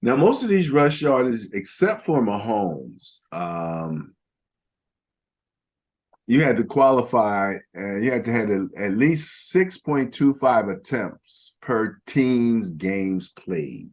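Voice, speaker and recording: An older man co-hosts a laid-back football podcast, meandering through statistics with lots of fillers. He talks slowly in a lowish voice with big swings in pitch.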